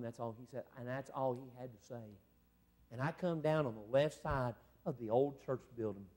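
A man preaching a revival sermon as an evangelist. He swings from loud shouting to hushed, emotional storytelling. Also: medium pitch, moderate pace. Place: church sanctuary.

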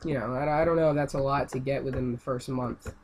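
A young man giving casual gameplay commentary, rambling and then yelling and ranting at the game. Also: medium pitch, fairly even intonation, fast. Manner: rambling, yells and rants at the game. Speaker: gaming channel host. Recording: noisy amateur home recording.

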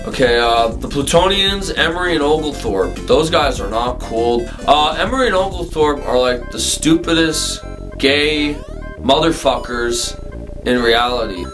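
A man's voice: mid-range voice, lively intonation, measured pace, over music. A man hosting his own comedic vlog in a casual, goofy way, laughing often between lines. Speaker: vlog host.

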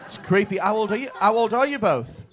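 A man's voice: high-pitched, animated, brisk, a bit bright. A man in his thirties doing stand-up crowd work in a comedy club, chatty and sweary with stammering restarts. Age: 30s.

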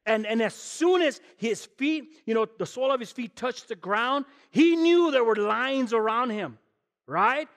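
A man with a high voice preaching in a church whose sound lingers long after each phrase. He tells stories animatedly, acts out voices, and speaks straight to his congregation. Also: lively intonation, measured pace, a bit bright, in a large hall. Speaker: guest pastor. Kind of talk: animated sermon.

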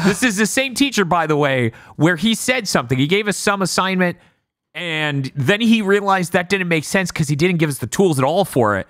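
A man's voice: sits high, lively intonation, brisk, a bit bright, no echo. Blunt, swearing podcast host man, dry sound. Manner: storytelling, blunt, swears freely. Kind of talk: casual podcast chat.

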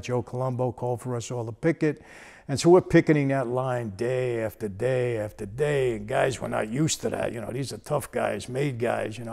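A man's voice: medium pitch, creaky, mellow. A man, telling a story in a casual, conversational way with frequent asides. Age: 60s.

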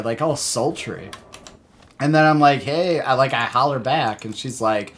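Excitable, jokey man streaming a game. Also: mid-range voice, unhurried, slight background noise. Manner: excitable, jokey, swears, laughs often. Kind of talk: live gameplay commentary.

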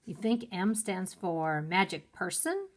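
A woman voicing an eager, cheerful young girl with a bright, matter-of-fact way of talking. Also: medium pitch, very animated, takes it slowly.

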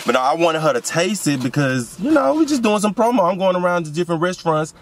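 A young man rambles excitedly to his viewers about his new seasoning business from a parked car. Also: high-pitched, quick pace, few pauses, slight background noise. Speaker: vlogger and seasoning business owner. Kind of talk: casual car vlog while eating.

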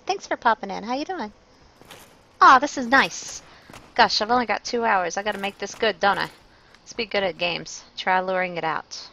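Bright, chatty woman streamer. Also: on the low side, creaky, slight background noise, rough recording. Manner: chatty and self-mocking, greeting chat viewers. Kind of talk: casual gameplay commentary.

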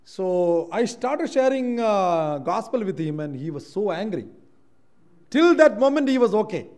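A man with an Indian English accent preaches in a church hall, his voice sitting high for a man. He drops low and quiet for reflection, then rises loud and insistent on repeated points. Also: sing-song, unhurried. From Kerala, India. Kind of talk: sermon.

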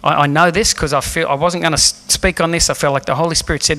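Bright-voiced male preacher. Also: on the high side, steady tone, quick pace. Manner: earnest, emphatic preaching with rhetorical questions. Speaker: pastor. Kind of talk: sermon. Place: church hall.

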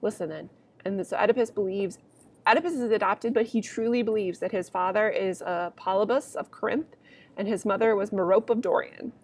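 This is a young woman teaching a play, reading lines aloud and breaking off to explain them in a relaxed, chatty way. Her asides turn dry and sarcastic. Her voice sits at an ordinary middle pitch, like a recorded class lecture. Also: fairly quick. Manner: casual, chatty and sarcastic between read-aloud passages.

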